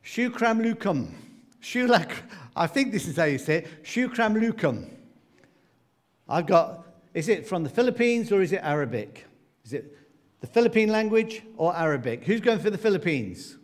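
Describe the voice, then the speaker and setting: A man's voice: on the high side, very animated, brisk. A man with a slightly raised voice leads a playful hands-up quiz for a family congregation. He coaxes the children along in a light, teasing way. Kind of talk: lively talk to a family congregation.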